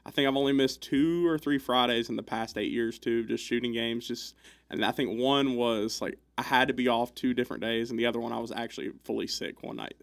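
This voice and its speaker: A man's voice: medium pitch, steady tone, a little fast, creaky. A young man who works as a news anchor and reporter, chatting in an easygoing, enthusiastic way. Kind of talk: casual interview chat.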